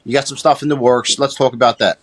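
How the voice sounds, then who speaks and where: A man hosting an interview, chiming in with brief affirmations and quick questions. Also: mid-range voice, flat delivery. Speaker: host. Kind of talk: interview chat.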